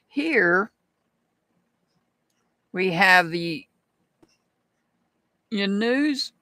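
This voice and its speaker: A woman's voice: fairly low pitch, fairly bright tone, no echo. A woman hosting a live rune reading stream, chatting casually and greeting viewers by name. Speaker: rune reader.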